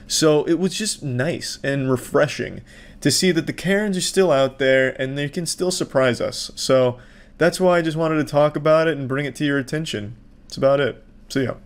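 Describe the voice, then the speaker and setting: A man's voice: fairly high pitch, normal speed. A man giving casual, sarcastic commentary on a video, swearing freely and mocking what he sees. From Florida, US.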